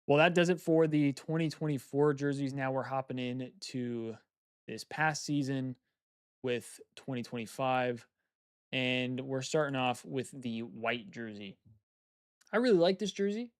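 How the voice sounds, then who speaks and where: A man's voice: mid-range voice, a little slow, clear, resonant tone, no room sound, studio quality. A young man chatting casually on a live stream, thinking aloud and repeating phrases as he weighs his choices.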